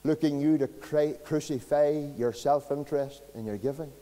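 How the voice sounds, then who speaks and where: A man's voice: fairly high pitch, moderate pace, dark tone, in a large hall. A man with a Northern Irish accent, a pastor preaching a sermon in a folksy storytelling way. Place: church.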